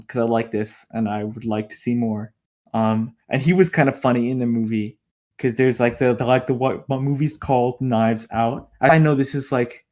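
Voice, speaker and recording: A man's voice: medium pitch, a little mellow. Rambling man on a podcast. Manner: rambling, full of filler words. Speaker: podcast co-host. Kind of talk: casual chat.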